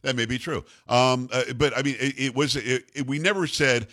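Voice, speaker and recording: An older man runs a talk radio show, and his pitch swings widely as he rants. He is blunt and combative, and he jokes as he goes. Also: animated, fast talker, a bit bright. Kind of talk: opinionated talk radio rant.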